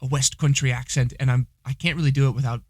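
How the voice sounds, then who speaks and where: The young man's medium-pitched voice is steady but fast, darkish and slightly rough, with no room sound. He co-hosts a podcast, bantering casually and making fun of himself.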